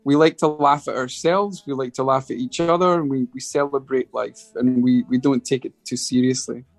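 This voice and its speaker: A man's voice: medium pitch, normal speed, creaky, no room sound, soft background music. A Scottish man, a guest musician, telling a casual anecdote in an interview, hesitant with many restarts. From Scotland. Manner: hesitant, restarts often, animated storytelling.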